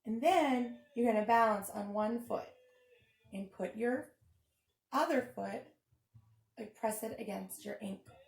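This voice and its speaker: Gentle preschool teacher woman. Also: a little high, unhurried, vocal fry, long pauses, roomy sound. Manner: gentle, instructive, speaking to small children. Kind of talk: children's storytime and yoga lesson.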